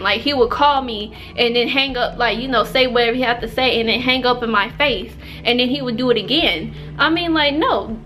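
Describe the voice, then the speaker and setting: A woman's voice: sits high, sharp tone. A young woman telling a storytime vlog in a chatty, emphatic way, packed with fillers. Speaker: vlogger.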